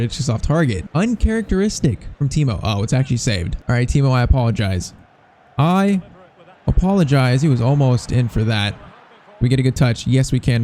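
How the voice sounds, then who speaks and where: A young man calls his own football video game match live, urging on the players on screen. His voice is mellow and warm, and faint noise hums behind him. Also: mid-range voice. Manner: excitable, talks to the players on screen. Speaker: gaming commentator. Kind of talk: live gameplay commentary.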